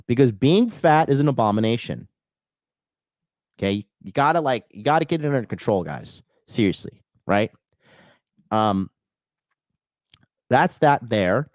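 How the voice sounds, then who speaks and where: A man coaching on dating and fitness in a blunt, profane podcast monologue, now and then mocking others in a high put-on voice. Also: a little mellow, no room sound, clean studio sound.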